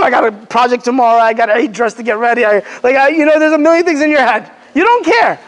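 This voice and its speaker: A man giving a casual religious lesson to young people, telling animated stories, acting out quotes and restarting his sentences often. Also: very high voice, fast, few pauses. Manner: animated storyteller, acts out quotes, many fillers and restarts. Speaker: Islamic teacher. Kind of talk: casual religious lecture to a youth group. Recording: long hall reverb.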